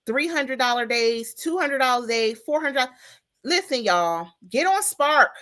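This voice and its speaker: Lively, bright-voiced woman host. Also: high-pitched, a little slow. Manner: animated storytelling, lots of "listen, y'all". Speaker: podcast host. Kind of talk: casual chat.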